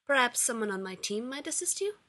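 A woman's voice: a little high, very animated, brisk, bright, forceful tone, voice pushed up, full character voice. A woman voicing a polite, formal male scientist who speaks in stiff, courteous phrases. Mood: polite, bemused.

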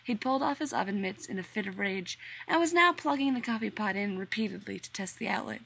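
A woman narrates a story aloud at a mid pitch. Her storytelling is even and measured, the steady pace of an audiobook reading. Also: creaky, breathy edge.

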